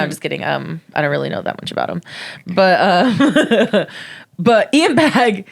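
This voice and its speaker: A young woman stand-up comic chatting on a podcast, swearing often, laughing and acting out quotes in a high voice. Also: lively intonation, measured pace, gravelly. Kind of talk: casual chat, storytelling.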